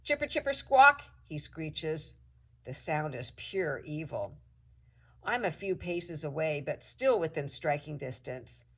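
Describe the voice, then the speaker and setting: A woman teacher reads a children's chapter book aloud with a low, full voice. She tells the story expressively, shaping each line for young listeners. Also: slow pace, husky.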